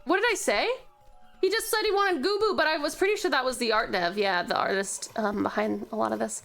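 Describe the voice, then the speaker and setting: A young woman streaming a racing game, excitable and giggly, chatting with viewers and swearing loudly when she loses. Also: on the high side, a little fast, creaky, soft background music. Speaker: VTuber streamer. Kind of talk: casual gaming stream commentary.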